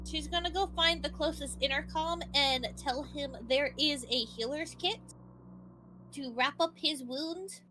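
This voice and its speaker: Woman player, really high bright voice, chatty, laughs a lot. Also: measured pace, a little hiss or hum, low-quality recording. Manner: chatty, laughing between lines. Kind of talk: casual tabletop play.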